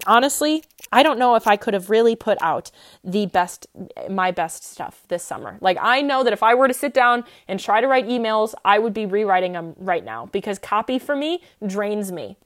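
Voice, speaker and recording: Young woman, podcast host, expressive and animated, casual solo talk into a podcast mic. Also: mid-range voice, moderate pace. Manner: expressive, animated, many fillers.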